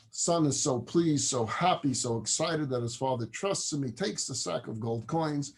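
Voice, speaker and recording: A man's voice: medium pitch, moderate pace, creaky, few pauses. A man, a rabbi, telling a parable in a class and acting out its characters. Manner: animated, acts out the parable's characters. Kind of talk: storytelling lecture.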